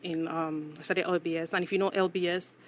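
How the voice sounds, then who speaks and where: A woman's voice: lowish voice, level tone, quick pace. A woman, a guest on a talk show, telling a personal story in a candid, chatty way. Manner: candid and chatty, full of "you know" and "like". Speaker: podcast guest. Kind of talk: casual interview storytelling.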